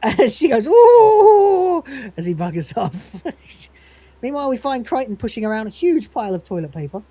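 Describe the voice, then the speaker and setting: A man hosting a podcast while sick, casually retelling an episode in an animated way. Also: high-pitched, a little fast, breathy edge. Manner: animated, acts out scenes with lots of "he goes". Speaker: podcast host.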